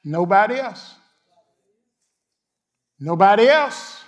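A man preaching a fiery sermon, repeating short declarations and swinging from loud cries to hushed murmurs. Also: high-pitched, normal speed. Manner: repetitive declarations and cadences.

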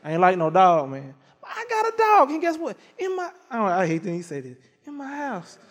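A man's voice: high voice, brisk, big-room sound. A middle-aged man preaching a sermon, telling folksy stories with lots of laughter. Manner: animated, folksy storytelling with laughter. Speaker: pastor.

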